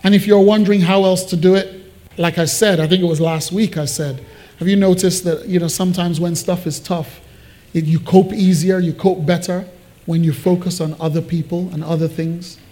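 A man's voice: high voice, fairly even intonation, moderate pace, mellow. A man preaching a sermon as pastor, emphatic and repetitive, addressing his congregation.

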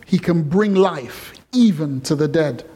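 A man preaching a sermon in a lively, conversational and playful way. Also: fairly high pitch, unhurried. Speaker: pastor.

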